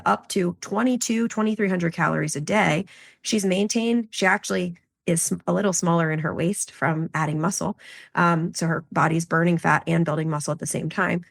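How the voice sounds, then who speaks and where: Woman, podcast co-host, health coach, low voice, gravelly texture, casual explaining. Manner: explains with client examples, lively emphasis.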